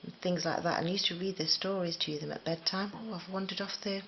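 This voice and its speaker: A woman's voice: fairly low pitch, fairly even intonation, fast, slight background noise. A middle-aged woman from England, rambling chattily and laughing at herself while teaching crochet. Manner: chatty, rambling, self-deprecating. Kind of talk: casual spoken tutorial. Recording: slightly dull lo-fi recording.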